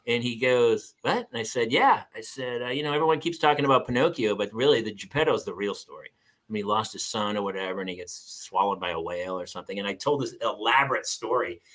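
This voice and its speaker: A man's voice: on the low side, fast. A man hosting a casual podcast, an actor telling funny stories with lots of laughter. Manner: animated storyteller, laughs often. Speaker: podcast host. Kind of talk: casual chat, storytelling.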